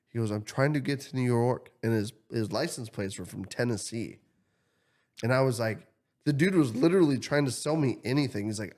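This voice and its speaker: Male podcast host, lively storyteller who swears a lot and voices his characters. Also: medium pitch, fairly quick. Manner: animated, swears freely, acts out quotes. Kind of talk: casual storytelling chat.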